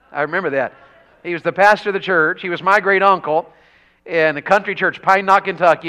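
A man preaching a revival sermon in a church, telling folksy country stories and rising to shouts. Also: on the high side, lo-fi sound. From rural Tennessee.

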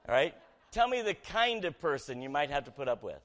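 Speaking a little fast in a fairly high, sing-song voice, a man preaches as pastor and converses with his congregation, posing questions to them. His delivery moves back and forth between booming emphasis and quiet moments.

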